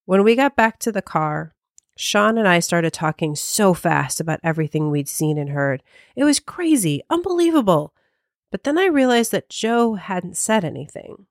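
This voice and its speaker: Woman podcast co-host, lively storyteller, dry close sound. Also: no echo. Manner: animated, pitch jumps when telling a story. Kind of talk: casual chat and told ghost story.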